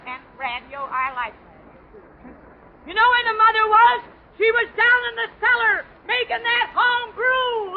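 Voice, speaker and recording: A brassy woman comic fires off wisecracks in a very high, piping voice during a 1930s radio comedy monologue. The sound is dull and muffled, with faint hiss and a faint audience murmuring behind her. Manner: brassy wisecracking, quick asides and laughs. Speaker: comedian guest.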